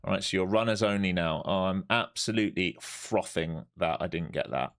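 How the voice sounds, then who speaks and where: A man doing live trading stream commentary, animated and swearing freely as he talks through the chart. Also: low-pitched, normal speed. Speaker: live-stream day trader.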